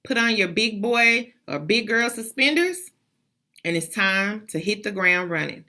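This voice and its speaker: A woman's voice: mid-range voice, lively intonation, a little slow, bright, forceful tone. A woman school principal giving a motivational address to students and staff over a video call, emphatic and repetitive like a preacher.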